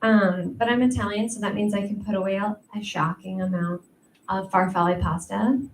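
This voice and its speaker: A woman's voice: medium pitch, steady tone, moderate pace. A young adult woman doing a stand-up comedy set, self-deprecating and chatty, with lots of "um" and "like.". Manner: chatty, self-deprecating, many ums and likes. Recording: echoey room, mic at a distance, faint noise.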